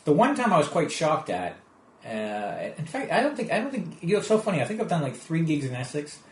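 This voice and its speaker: Canadian stand-up, chatty rambling guest voice, echoey room. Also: male voice, a little high, sing-song, brisk. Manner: rambling storyteller with many restarts. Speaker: guest comedian. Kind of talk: casual podcast interview.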